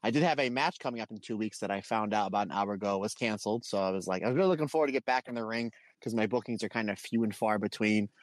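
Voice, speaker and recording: A man's voice: fairly low pitch, racing, hardly any pauses, dry recording. A man co-hosting a casual podcast, bantering in a jokey, friendly way. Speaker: podcast co-host.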